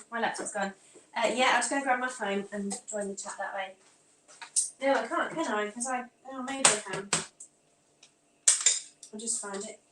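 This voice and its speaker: A woman from England with a near-standard southern English accent hosts a casual live stream from a room at home, chatting to viewers while fiddling with her phone and laptop, scattered and talking to herself. Her voice is a little high, and the echoey room adds faint ambience plus a little hiss or hum.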